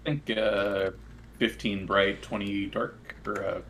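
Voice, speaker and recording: Lower-voiced young man talking rules. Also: fairly even intonation, takes it slowly, fairly bright tone, slight background noise. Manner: helpful with rules, joking. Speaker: player. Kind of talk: casual chat while playing a tabletop game.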